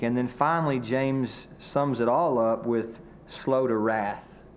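Southern guy preaching, mid pitch, earnest, drags out key words, bit of background hiss. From Arkansas, US South. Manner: earnest, repeats words, slows for emphasis. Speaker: pastor. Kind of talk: sermon.

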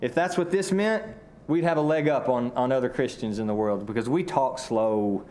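A man from Arkansas with a Southern drawl, preaching a sermon earnestly, often repeating words and slowing down for emphasis. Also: mid-range voice, a little mellow. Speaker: pastor.

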